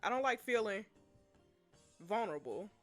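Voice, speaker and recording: A woman reading the lines of a brooding bad-boy young man in a story game, quiet, wry and reflective. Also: medium pitch, big pitch swings, normal speed, faint music behind. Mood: low-key.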